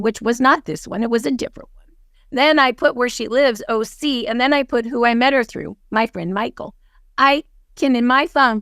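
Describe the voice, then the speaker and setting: A woman with a high, bright voice leads a business webinar over a video call, coaching her audience through stories. She slips into the voices of the people in her stories as she tells them. The sound is close and dry, with no room around it. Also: clean tone, no room sound. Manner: lively storyteller who acts out dialogue. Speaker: guest speaker, team leader. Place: home office on a video call. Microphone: video call microphone.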